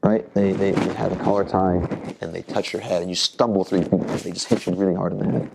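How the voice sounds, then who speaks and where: A man's voice: low-pitched, fairly even intonation, fast, vocal fry, background noise. A man teaching a jiu-jitsu workshop in casual talk, restarting phrases and asking the group questions. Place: training room at a camp.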